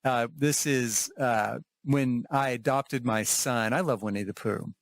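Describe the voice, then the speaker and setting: A man's voice: medium pitch, measured pace. A man from Oklahoma, casually reviewing theme park food and shops on a travel vlog, chatty and rambling with asides. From Oklahoma, USA. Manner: chatty and rambling, with frequent asides, restarts and laughs. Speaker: travel vlogger.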